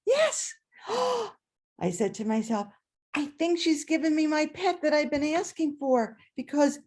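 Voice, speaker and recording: An older woman tells a story to a live audience, her voice sitting a little high. She keeps it lively and acts out the sounds and the voices of the people in her tale. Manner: lively, voices the squawks and dialogue. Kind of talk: told personal story at a live event. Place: storytelling event over video call.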